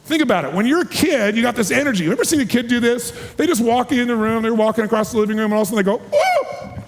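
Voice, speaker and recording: A man in his forties giving an energetic, emphatic seminar talk to a live audience, calling for responses. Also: very high voice, rapid-fire. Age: 40s. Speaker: motivational speaker. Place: large hall with a live audience. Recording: long hall reverb.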